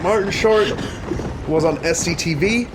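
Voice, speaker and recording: A man's voice: fairly high pitch, a little slow, background noise. A man co-hosting a game stream, teasing his partner in a dry way. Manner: dry, teasing, reads lists aloud. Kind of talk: casual gaming chat.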